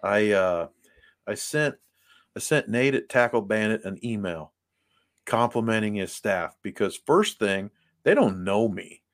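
A man's voice: lowish voice, expressive, measured pace. A man co-hosting a casual podcast chat, rambling through stories with many fillers. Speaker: podcast co-host.

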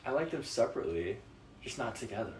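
Man from chicago area, casual chat, soft and musing, echoey room, far from the mic. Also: medium pitch, sing-song, fast talker. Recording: roomy, distant mic, faint noise.

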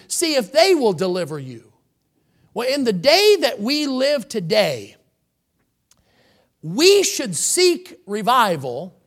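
A man's voice: very high-pitched, fairly bright tone. Male preacher in a church, voice swooping up and down a lot, reads scripture then pushes hard on the big lines. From United States. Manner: preaching with rising emphasis, reading scripture aloud. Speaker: pastor. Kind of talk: sermon. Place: church sanctuary.

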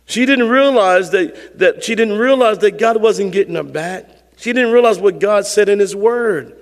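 A man's voice: sits high, normal speed, big-room sound. A male pastor preaching a sermon with emphatic, repetitive phrasing and call-and-response to the congregation.

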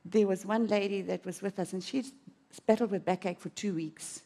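A woman's voice: mid-range voice, fairly even intonation, normal speed, vocal fry, dark tone. A woman preaching a sermon in an auditorium, telling a personal story with dramatic swings of emotion.

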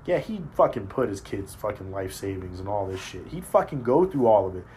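A man talking in a casual chat, blunt and profane, telling animated stories as a podcast host. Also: lowish voice, a little fast, slight background noise.

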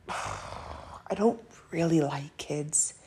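A woman's voice: low-pitched, drawn-out words, a little mellow, a little hiss or hum. A woman hosting a podcast, talking candidly and bluntly in a casual monologue, swearing freely and often laughing. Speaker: podcast host.

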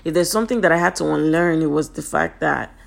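A woman's voice: low voice, fast, creaky. A woman from Nigeria, giving an earnest, emphatic motivational talk to her viewers, repeating her key points, her voice a little off today. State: voice a bit off today.

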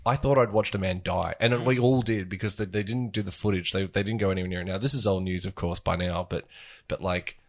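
A man's voice: low voice, fairly even intonation, brisk. A man, co-hosting a casual podcast chat and telling stories with lots of fillers and restarts. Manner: rambling, filler-heavy storytelling. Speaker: podcast co-host.

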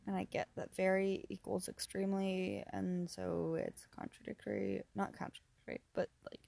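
A young woman hosting a casual solo podcast, rambling softly, laughing often and sometimes dropping to a whisper. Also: on the low side, normal speed, gravelly. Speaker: podcast host.

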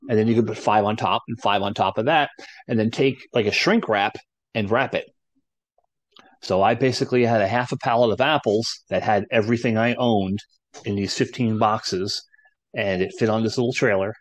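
A man's voice: lowish voice, fairly even intonation, moderate pace, no echo. Easygoing man with dry close sound. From New Jersey. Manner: easygoing, explains things step by step. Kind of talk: casual chat.

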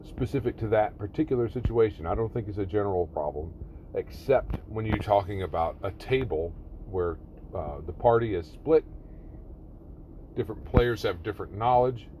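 A man's voice: deep voice, a little mellow, a little hiss or hum. A man leaving a voicemail with blunt, opinionated takes. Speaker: caller. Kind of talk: voicemail message.

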